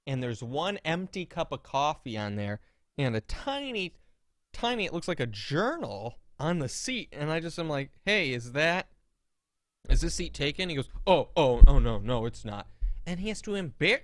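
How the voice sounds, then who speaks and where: A slightly high male voice, studio quality with no echo. He co-hosts a podcast and, in easygoing chat, recounts stories with indignation, animatedly playing out people's words.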